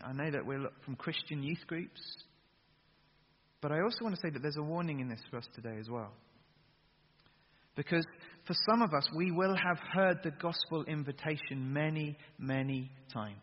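A man preaching a sermon and leading a prayer to a youth audience in a large hall, earnest, switching between loud urging and soft hushed lines and leading the crowd in call-and-response. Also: on the high side, husky. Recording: dull lo-fi recording with long hall reverb.

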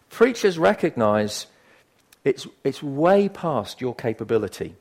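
An older man preaching a sermon in a conversational, emphatic way, swinging from quiet asides to loud bursts. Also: on the high side, very animated, measured pace, creaky.

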